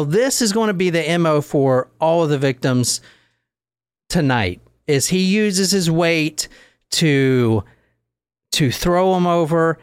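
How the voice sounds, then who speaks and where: Podcast host, male, slightly high voice, dry close sound, loose and crude storyteller. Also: smooth, no room sound. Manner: loose, profane, joking storyteller. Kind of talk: casual storytelling chat.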